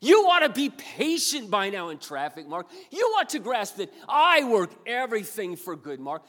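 A man's voice: high voice, very animated, normal speed, a bit bright, pitched above the performer's own voice. A man voicing God as a chiding father. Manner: chiding, repeating the listener's name. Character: God, a fatherly male voice gently scolding. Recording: long hall reverb.

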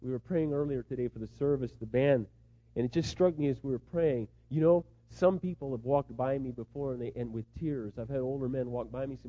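A middle-aged man preaching a sermon, moving between hushed, tender asides and loud, impassioned pleas. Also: medium pitch, quick pace, highs cut off. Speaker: pastor.

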